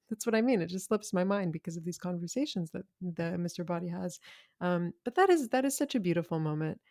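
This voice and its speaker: Brief: female podcast guest, lowish voice, chatty and enthusiastic about film. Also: a little mellow. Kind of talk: casual film discussion.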